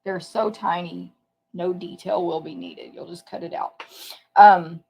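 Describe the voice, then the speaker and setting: A woman's voice: on the low side, fairly even intonation, a little slow, vocal fry, a little mellow, husky. A woman giving a casual live tour of papercraft products, chatty, thinking aloud and correcting herself as she goes. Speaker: papercraft demonstrator.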